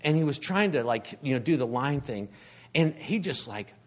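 A man, preaching a humorous sermon as a rambling storyteller who grows animated. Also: mid-range voice, normal speed.

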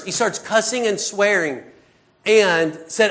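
A man's voice: high voice, a little slow, fairly bright tone. A middle-aged man preaching a sermon in a conversational, earnest way, full of fillers and sighs.

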